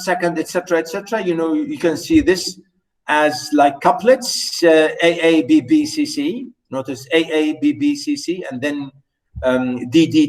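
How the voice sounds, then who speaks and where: A male lecturer talks through poetry slowly and haltingly, full of fillers and restarts. His voice sits a little high for a man. He keeps checking whether his students are following. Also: rough recording. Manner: hesitant, many fillers and restarts.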